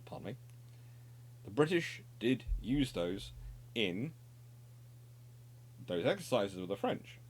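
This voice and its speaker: Lively-voiced male naval history presenter. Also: fairly low pitch, takes it slowly, long pauses, a little hiss or hum. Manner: discursive, self-correcting, wry asides. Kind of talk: unscripted explanatory monologue.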